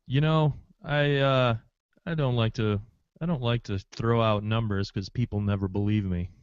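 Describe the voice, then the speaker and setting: Smooth-voiced man playing a tabletop game. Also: mid-range voice, steady tone, normal speed, no room sound, highs cut off. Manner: casual, joking, boastful in character. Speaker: player.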